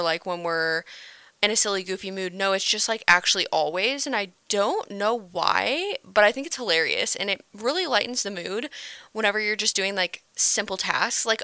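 A woman's voice: mid-range voice, lively intonation, moderate pace, sharp tone, smooth, no room sound. A young woman hosting her own vlog, chatting casually and rambling with lots of "like" and laughter. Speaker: vlog host. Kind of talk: casual chat to camera.

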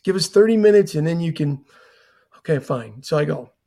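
Gravelly older man telling a story. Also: a little high, lively intonation, fairly quick, mellow. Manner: earnest, acts out quoted dialogue. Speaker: retired fire chief, guest. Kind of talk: storytelling in a conversation.

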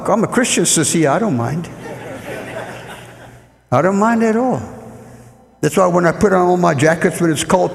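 A man preaching a lively sermon to a church congregation, leading call-and-response. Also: on the high side, vocal fry. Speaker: guest preacher. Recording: echoey church hall.

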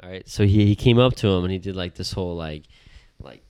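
Young man, podcast co-host, lowish voice, rambling and profane. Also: quick pace, darkish tone, clean tone. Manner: rambling, profane, filler-heavy. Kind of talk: casual chat.

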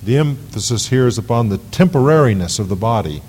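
A man's voice: mid-range voice, animated, brisk, darkish tone, slightly rough. A man preaching an evening sermon as pastor, emphatic, repeating phrases for stress. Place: church sanctuary. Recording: long reverb of a large hall.

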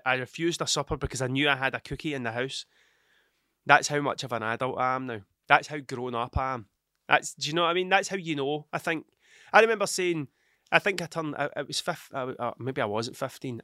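Dad hosting a solo podcast, rambling and sweary, slightly high, punchy voice, dry close sound. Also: male voice, bright, forceful tone, dry recording. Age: adult with children. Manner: rambling, heavy swearing, loses his train of thought. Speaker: podcast host. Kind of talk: casual solo podcast monologue.

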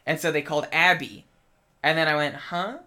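A man with a slightly high voice chatting casually, rambling with constant filler words. He swears freely as he tells a story. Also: little pitch movement, fairly quick, bright, forceful tone. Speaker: film crew member. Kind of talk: casual chat.

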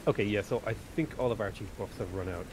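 A man's voice: lowish voice, fast, a little mellow, a little hiss or hum. A man playing a tabletop game, speaking in a matter-of-fact, mildly dry way. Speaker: player. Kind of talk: casual chat at a game table.

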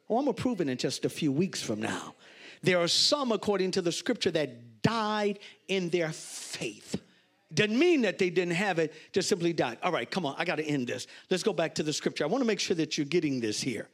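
A pastor preaching a sermon, telling a story with loud, animated exclamations. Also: male voice, fairly high pitch, brisk.

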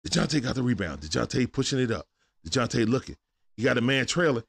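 A man hosting a live stream from home, calling a game play-by-play in a casual, excitable way that swings from hushed asides to sudden shouts. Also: medium pitch, normal speed, creaky, husky. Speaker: stream host. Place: at home at night.

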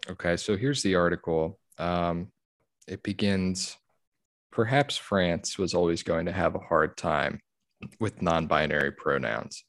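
Man, very deep voice, dry close sound, casual podcast chat, reads an article with fillers and giggles. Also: unhurried, a bit bright, no room sound. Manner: laid-back, giggly, many fillers. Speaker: podcast co-host. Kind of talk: casual chat, reading a news article aloud.

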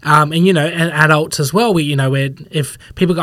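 Chatty man, slightly high voice. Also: fairly even intonation, brisk, a bit bright, no echo. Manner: rambling, acts out imagined people's thoughts in quotes. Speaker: podcast guest, fitness professional. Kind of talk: casual conversational interview.

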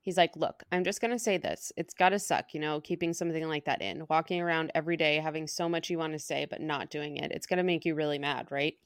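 A woman's voice: low voice, fairly even intonation, fast, few pauses, clear, resonant tone, no room sound, studio quality. A woman co-hosting a podcast, chatting casually and earnestly about a book, quoting its lines. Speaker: podcast co-host. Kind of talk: casual book-club chat.

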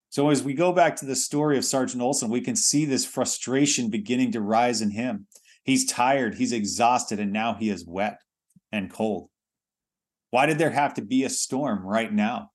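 A man preaching a sermon in a conversational way, often restarting phrases and filling with "you know". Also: mid-range voice.

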